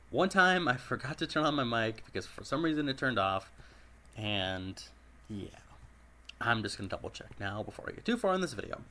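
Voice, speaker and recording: Man, mid-pitched and raspy, casual gameplay commentator who keeps clearing his throat. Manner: steady, methodical narration of each call. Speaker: game commentator. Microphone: personal desk microphone.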